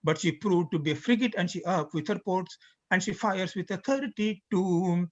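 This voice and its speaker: A man reciting the lines of a boastful, uneducated old-time British sailor in a slow, half-sung lilt, on a dull lo-fi recording. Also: sits high, close to an everyday voice.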